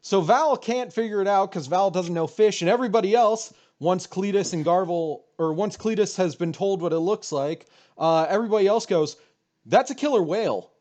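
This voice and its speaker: High-voiced man running a tabletop game. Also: a little mellow. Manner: easygoing, describes scenes with pauses and fillers. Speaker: game master.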